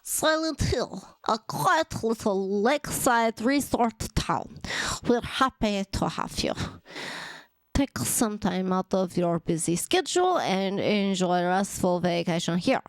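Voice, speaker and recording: Woman doing a grand brochure narrator, slow, drawn-out theatrical reading. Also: mid-range voice, animated, no room sound.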